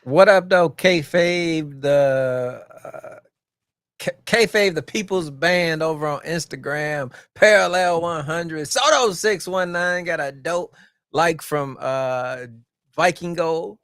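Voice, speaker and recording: A man hosting a casual wrestling podcast, laid-back, giving shout-outs and moving through segments. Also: a little high, slow pace, smooth, no echo, clean studio sound. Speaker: podcast host.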